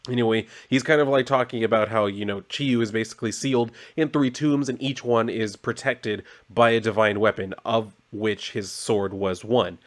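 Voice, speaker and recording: A man's voice: lowish voice, steady tone, moderate pace, few pauses. A man casually recapping a comic book, rambling with filler words and side remarks.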